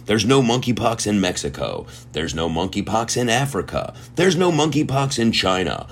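A man's voice: on the low side, big pitch swings, normal speed, a little hiss or hum. A man hosting a podcast, delivering a heated, profane and sarcastic rant. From United States. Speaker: podcast host. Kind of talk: ranting podcast monologue.

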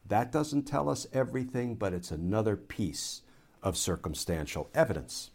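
Low-voiced man making an earnest political case. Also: moderate pace, darkish tone. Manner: explanatory, builds an argument step by step; earnest, rhetorical questions. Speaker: political commentator, former Army lawyer. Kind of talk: solo political commentary to camera.

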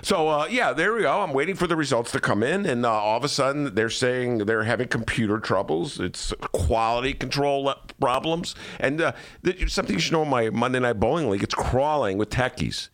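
Podcast host guy rambling through funny stories, voice swings all over, medium pitch. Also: fairly quick, hardly any pauses. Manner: animated storyteller who acts out other people. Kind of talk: casual comedic chat.

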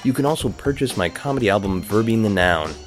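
A man reading a comic ad for his own work in a dry, deadpan way. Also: on the low side, fast talker, soft background music.

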